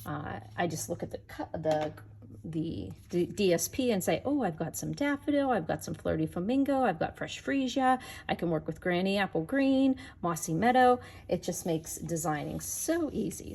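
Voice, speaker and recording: A woman's voice: on the low side, gravelly, darkish tone, slight background noise. A woman demonstrating card making in a casual tutorial, chatting to viewers as she works. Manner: chatty, talks to viewers while working.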